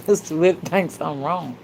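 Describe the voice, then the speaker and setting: A woman's voice: deep voice, slow, a little hiss or hum. Fervent woman preaching on a livestream. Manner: fervent and preachy, with sudden loud shouts; casual and slangy, calls listeners "y'all" and "honey". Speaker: spiritual rootworker hosting a livestream. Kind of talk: livestream talk reading viewer comments.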